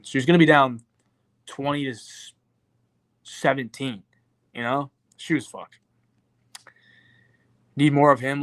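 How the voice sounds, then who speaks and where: A man's voice: medium pitch, a bit bright, clear, resonant tone, no room sound. Slangy laid-back young man. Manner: slangy, profane, laid-back, says bro a lot. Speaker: podcast host reading live chat. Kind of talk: casual chat.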